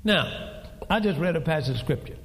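Pastor, male, high and sharp-toned, lively sermon delivery with shouts, echoing church hall. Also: moderate pace. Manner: preaching, rising to shouts, storytelling asides.

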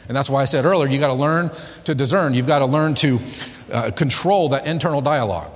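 A man's voice: medium pitch, fast talker. A man giving a live motivational seminar talk with spiritual themes to an audience. He is emphatic and repetitive and keeps quizzing the audience. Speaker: motivational speaker. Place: large hall before a live audience. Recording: echoey hall with long reverb.

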